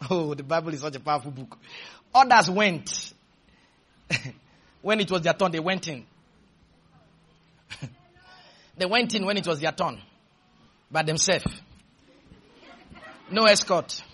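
A man preaching a sermon, leading call-and-response, breaking into shouts and drawing out words for emphasis. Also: a little high, lively intonation, breathy edge. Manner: slows to stretch words for emphasis.

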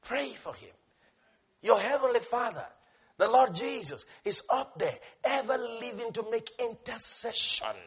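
A male preacher delivering a passionate sermon. He swings between shouted, repeated declarations and hushed, quiet urging. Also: very high-pitched, animated, unhurried, breathy edge. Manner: repetitive, emphatic.

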